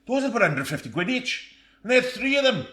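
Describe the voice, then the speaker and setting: A man co-hosting a podcast, chatting casually and telling lively stories in which he acts out the other people's voices. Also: very high-pitched, quick pace. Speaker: podcast co-host. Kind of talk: casual pub chat. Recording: roomy echo.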